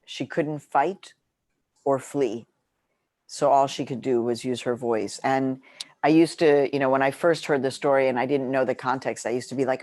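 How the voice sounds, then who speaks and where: A middle-aged woman author telling a personal story with passion, her pitch leaping up when she gets excited. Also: normal speed, no echo, studio quality. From Mexico. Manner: animated, impassioned storytelling with lively pitch jumps. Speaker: author and journalist. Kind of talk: book talk, personal storytelling.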